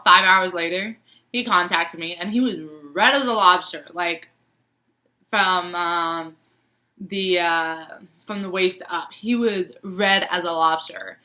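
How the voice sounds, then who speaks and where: A woman's voice: fairly low pitch, a little slow, sharp tone. A young adult woman casually telling a personal story to camera, chatty, with many fillers and acted-out quotes. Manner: chatty, lots of fillers and quoted reactions, laughs often.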